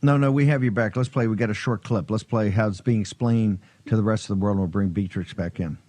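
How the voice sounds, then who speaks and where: A man's voice: lowish voice, quick pace, darkish tone, no echo. A man hosting a political talk show, emphatic and combative.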